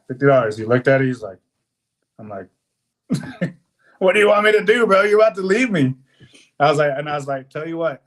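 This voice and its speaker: Profane, animated young male storyteller. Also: medium pitch. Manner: animated, profane, swears often, acts out quotes. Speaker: podcast co-host. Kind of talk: casual storytelling.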